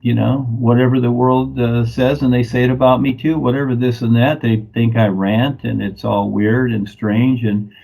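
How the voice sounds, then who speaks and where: A man with a gravelly, husky voice talks in a loose, rambling way. He chuckles easily as he wanders from one thought to the next in casual chat. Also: medium pitch, steady tone, moderate pace, hardly any pauses, warm tone, rough recording.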